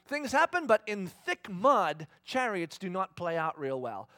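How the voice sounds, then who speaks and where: A male pastor preaching a sermon, telling a story in an animated way and asking the congregation questions. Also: sits high, dry recording, clean studio sound.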